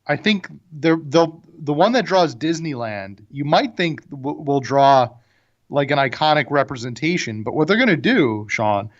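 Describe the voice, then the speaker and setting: A man's voice: on the high side, expressive, normal speed. Opinionated man, dull lo-fi audio. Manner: opinionated, stumbling restarts. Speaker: podcast co-host. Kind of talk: casual debate chat.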